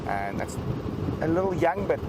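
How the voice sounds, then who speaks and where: A man's voice: fairly high pitch, big pitch swings, moderate pace. A man hosting a live safari drive from an open vehicle, chatting and reading out viewer comments. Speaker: safari guide and live show host. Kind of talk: live safari broadcast chat. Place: open vehicle outdoors in the bush. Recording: loud vehicle and outdoor noise.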